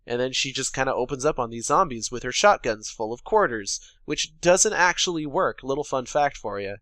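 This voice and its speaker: Casting: man, podcast co-host, mid pitch, sarcastic profane movie recap, dry close mic. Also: lively intonation, moderate pace, pushed and bright, dry recording. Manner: sarcastic, profane, paraphrases characters in quotes. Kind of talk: casual recap chat.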